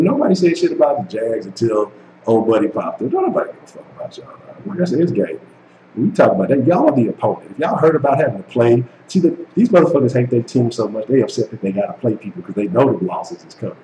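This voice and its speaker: A man's voice: mid-range voice, big pitch swings, fast, mellow. A man hosting a sports live stream, taunting rival fans in a profane, repetitive rant. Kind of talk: heated casual rant at trolls. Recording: echoey room with faint noise.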